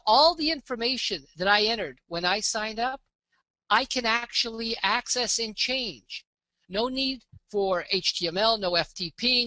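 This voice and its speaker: Male webinar presenter, upbeat sales pitch, forceful voice, dry close sound. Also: no room sound. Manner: upbeat salesy walkthrough, frequent "okay?" check-ins. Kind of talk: live online business pitch with screen demo.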